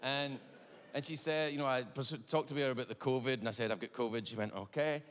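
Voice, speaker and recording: A Scottish man doing stand-up storytelling in an animated, confessional, exaggerated way. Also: mid-range voice, brisk, clean tone. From Scotland. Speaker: stand-up comedian. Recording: long hall reverb, faint ambience.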